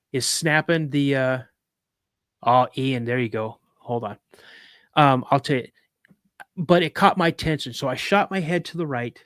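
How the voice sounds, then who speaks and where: A man's voice: mid-range voice, a bit bright, dry recording, studio quality. A man hosting a live podcast, retelling a personal story vividly with frequent restarts. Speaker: podcast host.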